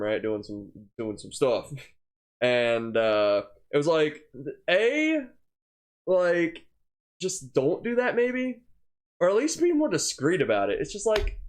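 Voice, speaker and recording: Young male co-host, casual rant, pitch on the high side, very lively, loose and filler-heavy. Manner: rambling, heavy on fillers and "man"; exasperated. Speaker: co-host of a gaming channel. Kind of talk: casual ranting chat.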